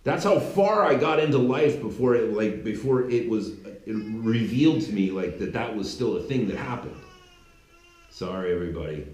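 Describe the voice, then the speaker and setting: A man's voice: mid-range voice, expressive, moderate pace, darkish tone. Rambling man in an echoey room. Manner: rambling, many restarts and filler words, mocking. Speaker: commentary channel host. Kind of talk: casual political commentary monologue.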